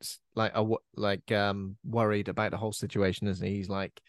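A man's voice: on the low side, fairly even intonation, moderate pace, no echo, studio quality. A man co-hosting a podcast, chatting casually about a horror film with plenty of fillers and trailing asides. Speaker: podcast co-host.

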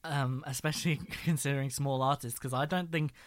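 A man's voice: mid-range voice, steady tone, a little fast, no echo. A man co-hosting a podcast, rambling casually with exasperated asides. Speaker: podcast co-host. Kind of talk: casual chat.

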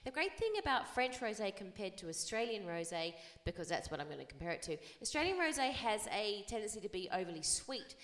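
A woman with a bright, forward voice co-hosting a podcast. She chats in a bubbly, playful way and rambles a bit with fillers. Her tone is lively and easygoing. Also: mid-range voice, fairly quick, hardly any pauses. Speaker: podcast co-host. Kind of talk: casual chat.

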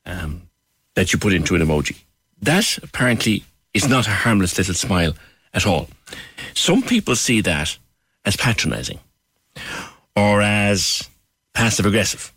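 A middle-aged man, chatting on radio as host in a lively, incredulous way. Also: fairly low pitch, breathy edge, no echo, clean studio sound. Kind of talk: radio chat.

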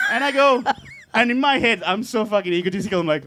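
Very high-voiced laughing comedian man. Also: normal speed, pushed and bright. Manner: self-mocking, laughs through his lines, mimics voices. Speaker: comedian guest. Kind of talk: live comedy podcast banter. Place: live show in a pub.

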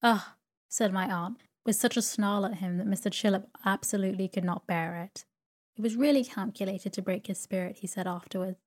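A woman narrating a classic novel as a sleep story, in a slow, even and soothing manner. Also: mid-range voice. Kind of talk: calm sleep story reading.

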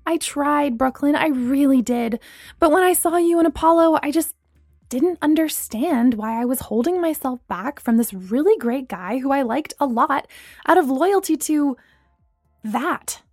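A woman's voice: sits high, lively intonation, measured pace, darkish tone, no room sound, clean studio sound, soft background music, voice pushed up, heavily acted. A woman voicing a defiant young female friend who justifies herself emphatically in an audiobook story. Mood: defensive.

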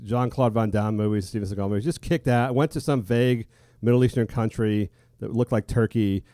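A man hosts a podcast in loose, rambling banter, often breaking into laughter and casual swearing. He talks quickly in a dark, dry voice. His stories tumble out in bursts. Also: fairly low pitch, fairly even intonation, no room sound. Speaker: podcast host.

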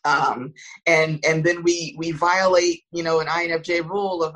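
Woman, relaxed chat guest, lower voice, soft and soothing, reflective delivery. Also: normal speed, rough recording. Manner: thoughtful, calm, frequent restarts and laughs. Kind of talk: casual conversational chat.

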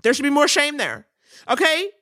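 A woman co-hosts a comedy podcast with a bright, animated voice whose pitch rises and falls widely. She delivers her teasing as mock indignation. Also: normal speed. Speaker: podcast co-host. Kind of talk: casual comedic chat.

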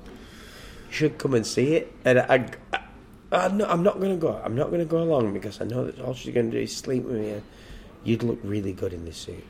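A man's voice: medium pitch, animated, a little fast, vocal fry, darkish tone, a little hiss or hum. An older man telling stories in casual podcast chat, crude, profane and joking. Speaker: guest storyteller.

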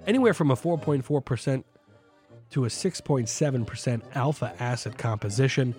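A man's voice: mid-range voice, normal speed, darkish tone, faint music behind. A young man hosting a casual beer podcast, rambling and joking at himself, with many fillers and restarts. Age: young adult. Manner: rambling, self-deprecating, lots of fillers and restarts. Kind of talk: casual chat.

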